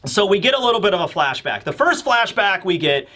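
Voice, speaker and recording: A man's voice: sits high, brisk. Upbeat guy joking through a manga recap. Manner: animated, joking, acting out characters. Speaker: YouTube manga reviewer. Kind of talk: casual commentary.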